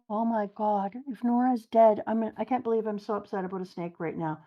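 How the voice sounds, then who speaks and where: A middle-aged woman reading a manga aloud on a stream, animated and reacting to the story as she goes. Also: medium pitch, a little fast, few pauses, dull audio. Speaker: stream guest reader.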